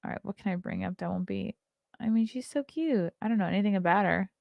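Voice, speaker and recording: A woman's voice: mid-range voice, fast talker, creaky, no echo, muffled recording. A woman in her thirties, a comedian hosting a casual livestream show, who reads viewer comments aloud and chats back. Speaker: podcast host and comedian.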